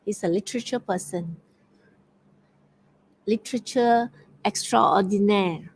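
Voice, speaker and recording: This mid-range, gravelly, slightly rough voice belongs to a woman with a Malaysian English accent who speaks a little slowly. She leads an online poetry quiz workshop, offering encouragement and praise with plenty of fillers and restarts. The recording is low quality.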